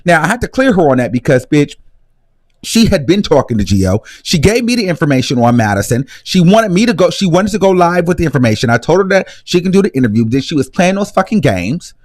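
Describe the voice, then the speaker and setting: A young man hosts a live stream, ranting bluntly and swearing freely. His voice sits a little high and swings widely in pitch. He talks in quick bursts. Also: sing-song. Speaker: host.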